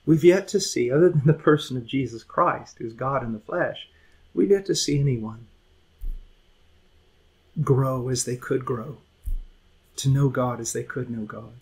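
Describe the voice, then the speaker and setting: A middle-aged man preaching a Bible lesson with earnest, pleading urgency that drops to quiet intensity. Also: mid-range voice, slightly rough, poor audio. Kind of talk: sermon.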